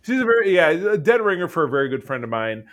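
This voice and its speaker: A man with a somewhat high voice chats casually as a podcast co-host. He is enthusiastic and rambling, often stumbling and restarting mid-sentence. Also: big pitch swings, quick pace, over a noisy crowd. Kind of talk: casual chat.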